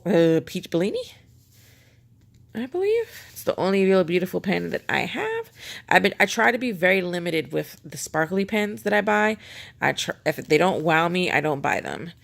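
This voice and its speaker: Low, gravelly woman chatting casually. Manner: chatty, rambling, self-mocking, talks to her cat in a baby voice. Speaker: planner vlogger. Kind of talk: casual show-and-tell chat.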